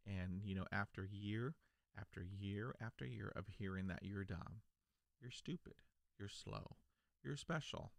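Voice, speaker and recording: Earnest and reflective, a South Texas man who makes videos tells his story to camera, stuttering through repeated words and broken starts. His voice is low-pitched and gravelly, captured in a dry recording with clean studio sound.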